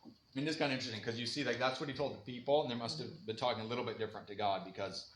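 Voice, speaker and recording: A man's voice: medium pitch, fairly even intonation, racing, fairly bright tone, slight background noise. A man giving an informal, conversational Bible lesson in a church room, laughing often as he talks. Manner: conversational, laughs often, acts out quoted voices. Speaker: Bible teacher. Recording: echoey room with faint ambience.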